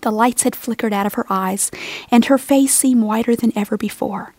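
A woman narrating a storybook in a soft, steady and expressive reading voice. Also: on the high side, moderate pace, dry recording.

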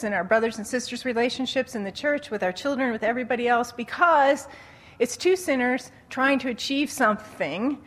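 A woman giving a conversational Christian teaching talk on dating, telling stories with animated quoted voices and frequent laughter. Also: fairly high pitch. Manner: animated storytelling, acting out quotes, laughs often.

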